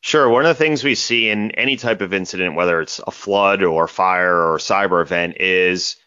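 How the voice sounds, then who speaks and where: A man's voice: low-pitched, pushed and bright, clear, resonant tone, no echo. A man as a podcast guest, telling stories animatedly and tagging points with "right?". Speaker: cybersecurity company guest. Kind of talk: podcast interview answers. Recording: dull lo-fi dry audio.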